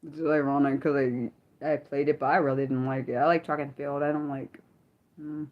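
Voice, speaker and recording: A woman's voice: low-pitched, little pitch movement, a little fast, highs cut off. A young woman hosting a casual livestream, chatting with her viewers, often laughing and apologizing. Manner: talks straight to chat viewers by name. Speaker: livestream host.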